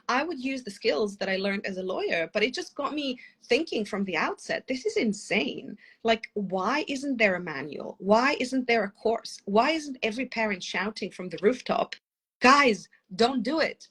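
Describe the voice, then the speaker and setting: A woman's voice: mid-range voice, fairly bright tone, husky. A middle-aged woman, a parenting coach, talking passionately and at length in a podcast interview while she has a cold. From former lawyer living in London. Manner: passionate, fast, tangent-prone.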